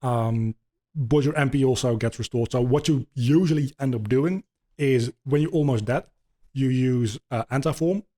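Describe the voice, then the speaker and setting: A man's voice: mid-range voice, normal speed, dark tone. A man hosting a podcast, rambling casually with many ums and swears as he explains video game lore. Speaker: podcast host.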